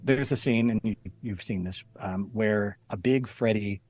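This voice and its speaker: Man, podcast guest, animated storytelling, laughs a lot, voices other people. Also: lowish voice, unhurried. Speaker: podcast guest, former stuntman. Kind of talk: casual storytelling chat.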